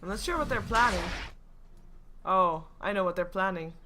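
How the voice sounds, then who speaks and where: A woman's voice: mid-range voice, expressive, normal speed, noisy background. A young woman doing solo live esports commentary, chatty and joking with her stream chat between play calls. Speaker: esports caster.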